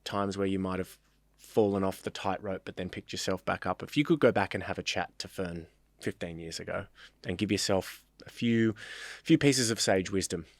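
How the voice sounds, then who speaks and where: Male podcast host, very deep voice, dry close sound, chatty and encouraging. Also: moderate pace, no room sound. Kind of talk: interview conversation.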